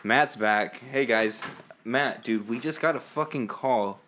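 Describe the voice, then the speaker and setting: A man's voice: medium pitch, slow pace, fairly bright tone, a little hiss or hum. A man hosting a podcast, laid-back and chuckling, stumbling over his words in casual chat. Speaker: podcast host.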